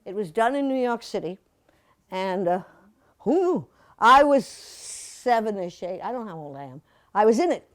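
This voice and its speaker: Speaking at a moderate pace in a sing-song, mid-range voice, a guest speaker in her seventies presents slides at a museum. Her talk is chatty and playful, peppered with asides and laughter.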